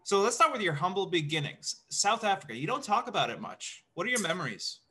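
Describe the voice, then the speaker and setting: Bright-voiced, deadpan male podcast host. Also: high-pitched, a little fast. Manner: dry, joking, deadpan. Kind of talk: casual interview chat.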